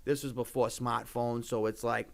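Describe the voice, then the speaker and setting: A man, telling stories on a podcast in a loose, swearing, animated way, acting out other people's voices. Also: mid-range voice, moderate pace, gravelly. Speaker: podcast guest. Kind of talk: casual storytelling.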